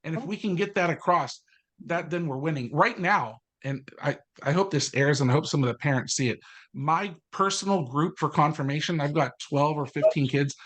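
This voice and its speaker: A man co-hosting a faith podcast, talking passionately and fast with storytelling asides. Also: a little high, fairly bright tone. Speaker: co-host, confirmation teacher. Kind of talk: casual podcast chat.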